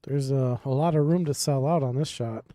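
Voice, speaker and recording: Mellow-voiced man in casual commentary. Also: medium pitch, fairly quick, no room sound, clean studio sound. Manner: casual, laughs easily. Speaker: pool commentator. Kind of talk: live sports commentary.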